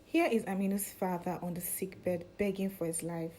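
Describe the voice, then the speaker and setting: A woman's voice: fairly low pitch, fairly even intonation, normal speed, mellow, a little hiss or hum. A woman casually recapping a drama episode, chatty and opinionated, often saying "you know". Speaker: series recap vlogger.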